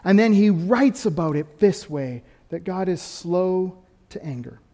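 A pastor preaching a sermon, lively and conversational, swinging between quick, louder stretches and soft, dropped emphasis. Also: male voice, sits high, big-room sound. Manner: animated preaching, rising and dropping to quiet emphasis.

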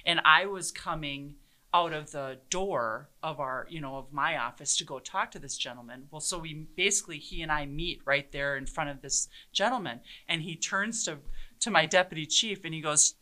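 Passionate, bright-voiced woman police chief. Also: low-pitched, normal speed. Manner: passionate, animated storytelling. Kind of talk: conversational interview.

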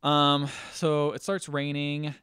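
A podcast co-host casually recaps a film's plot, acting out the characters' lines as he goes. His voice is a little high and a bit bright, but slow and monotone. The sound is clean studio quality with no room sound.

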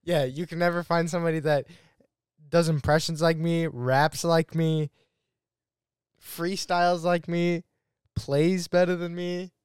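A man's voice: a little high, little pitch movement, unhurried, a little mellow, clear, resonant tone, no room sound, studio quality. A young man co-hosting a podcast, joking around, boasting and laughing often. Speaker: podcast co-host. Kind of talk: casual banter.

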